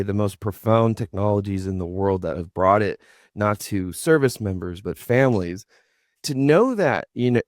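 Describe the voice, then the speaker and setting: A man's voice: lowish voice, a little mellow, no room sound, clean studio sound. A man hosting a talk show, asking long earnest questions and rambling with slangy asides. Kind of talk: casual interview talk.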